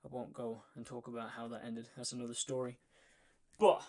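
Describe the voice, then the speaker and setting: A young man tells his own story to the camera, punchy and emphatic, leaning on repeated lines. He sounds a little out of breath, and his voice sits at an ordinary middle pitch for a man. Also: brisk. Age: young adult. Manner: energetic and emphatic, repeats phrases for effect. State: slightly out of breath. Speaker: vlogger. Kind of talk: casual storytelling monologue.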